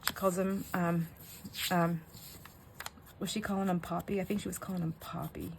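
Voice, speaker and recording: Rambling, lowish-voiced older woman vlogger. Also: little pitch movement, normal speed, vocal fry, a little hiss or hum. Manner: rambling, sidetracked, emotional. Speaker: crafting vlogger. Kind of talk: casual chat while crafting.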